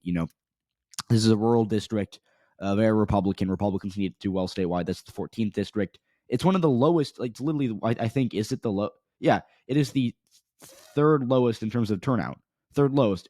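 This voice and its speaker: A hoarse young man talks through election numbers in a loose, rambling way and keeps correcting himself. His voice is low and mellow. The recording is dry and close. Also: no echo. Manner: rambling, self-correcting delivery. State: hoarse from yelling. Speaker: political commentator. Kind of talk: casual election analysis.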